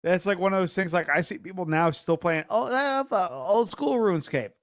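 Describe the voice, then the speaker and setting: A man's voice: sits high, lively intonation, normal speed, no echo, studio quality. A man on a casual gaming podcast, hesitant, with lots of ums and likes. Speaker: podcast co-host.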